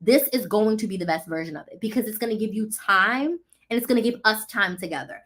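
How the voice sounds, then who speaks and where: A woman business coach chatting casually on a live stream, excitable, animated and full of slang. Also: medium pitch, a little fast.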